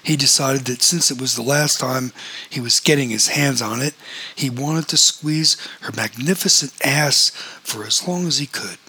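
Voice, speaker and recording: Male narrator, audiobook, steady, bright tone, husky edge. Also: medium pitch, normal speed, rough recording.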